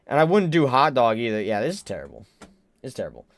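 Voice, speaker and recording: A man's voice: mid-range voice, very animated, fast, dry recording, studio quality, soft background music. A young man chatting casually on a live stream, rambling, stammering and joking bluntly as he reacts to viewers. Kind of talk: casual livestream chat.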